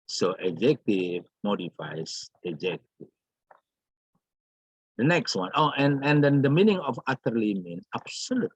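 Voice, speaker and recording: Slow, husky-voiced male English teacher. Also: mid-range voice, lively intonation, no room sound, poor audio. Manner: repeats example sentences and addresses the class with frequent fillers. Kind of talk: recorded grammar lesson.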